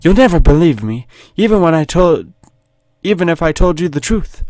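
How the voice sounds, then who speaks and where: A man voicing a chained woman in a horror text game, using a high, put-on British accent and pleading theatrically. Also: big pitch swings, normal speed, darkish tone, dry recording. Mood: desperate.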